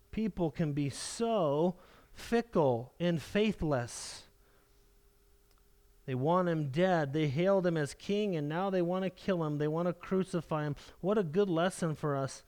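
High-voiced preaching man. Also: darkish tone, smooth. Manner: earnest preaching, pleading dramatic readings of scripture. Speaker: pastor. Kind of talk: sermon.

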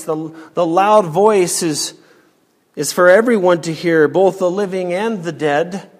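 A male pastor preaches in a high-pitched voice, taking his time over each phrase and lifting hard on the quoted commands. The sermon rings out in a church sanctuary with a long, trailing reverb. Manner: slow, emphatic, rising sharply on quoted commands. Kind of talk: expository sermon.

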